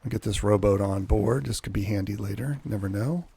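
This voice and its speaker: A man's voice: lowish voice, a little fast, creaky, warm tone, breathy edge. A man streaming a pirate game live, rambling through his rules with restarts and muttering asides as he plays. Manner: rambling, self-correcting explanations; mutters under his breath while playing. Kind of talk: casual live gameplay commentary.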